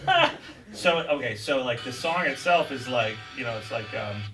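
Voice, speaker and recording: A man giving a guitar clinic in a music store, talking casually to a live audience in a rambling, animated way with lots of fillers. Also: mid-range voice, normal speed, far from the mic, low-quality recording.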